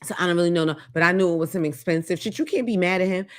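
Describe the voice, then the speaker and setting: A woman's voice: fairly low pitch, racing. A woman hosting a podcast, telling a blunt, profane rant in a comedic monologue. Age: adult with grown children. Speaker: podcast host.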